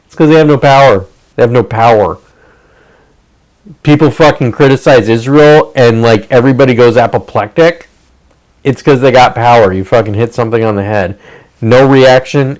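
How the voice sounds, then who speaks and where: A man's voice: mid-range voice, moderate pace, darkish tone, low-quality recording. A man hosting a livestream, ranting casually with profanity, rambling asides and sarcastic mock quotes. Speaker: streamer host.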